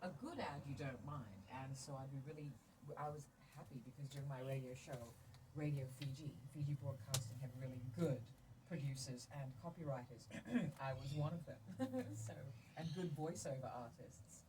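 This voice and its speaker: A woman's voice: very deep voice, moderate pace, background noise. A woman with a British accent, chatting casually and frankly as a podcast host, often laughing as she rambles. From England. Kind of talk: casual chat. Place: outdoors at home, laundry in the sun.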